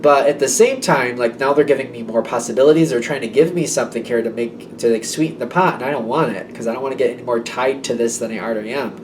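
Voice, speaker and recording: This tarot reader talks fast at a medium pitch with few pauses, and there's noise behind him. His casual reading wanders as he keeps correcting himself and saying the listener's imagined thoughts out loud.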